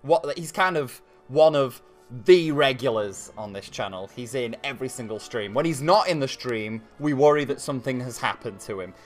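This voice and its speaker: A man's voice: medium pitch, animated, moderate pace, few pauses. A man hosting a chess livestream, chatty and joking, with lots of fillers. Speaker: stream host.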